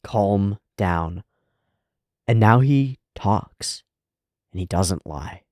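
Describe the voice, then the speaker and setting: A man with a fairly low, darkish voice gives loose, reflective commentary on an anime episode, speaking in an animated way but extremely slowly. He thinks aloud, leaning on "like" as he works through his points in a casual, analytical style. The recording is dry and close, with no room sound.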